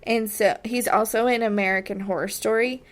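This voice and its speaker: A woman hosting a solo podcast, giving a chatty, casual recap with frequent fillers and animated asides. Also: medium pitch, moderate pace. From Texas. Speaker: podcast host.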